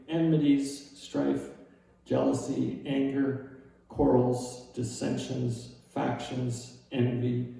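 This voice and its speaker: Man preaching a relaxed sermon. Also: medium pitch, takes it slowly, gravelly, heavy reverb, far from the mic, rough recording. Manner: casual and self-deprecating, with frequent "right?" asides. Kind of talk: conversational sermon.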